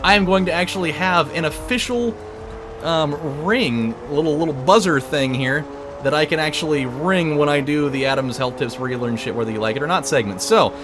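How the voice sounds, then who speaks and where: With a fairly high pitch and a brisk pace, this man hosting a game playthrough tells a wandering, crude, humorous story. It's casual storytelling over gameplay, backed by video game music.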